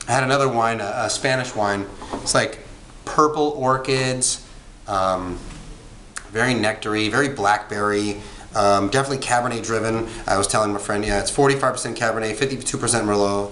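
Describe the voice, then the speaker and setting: A man's voice: fairly low pitch, moderate pace, fairly bright tone. A man casually reviewing a wine, chatty and rambling, with frequent ums and self-corrections. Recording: echoey room with faint background noise.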